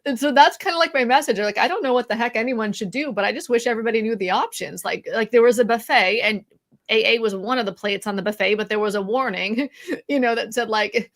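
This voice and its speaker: A woman's voice: fairly high pitch, a little fast. Candid woman chatting, laughing often. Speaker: podcast co-host. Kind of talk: casual live-stream chat.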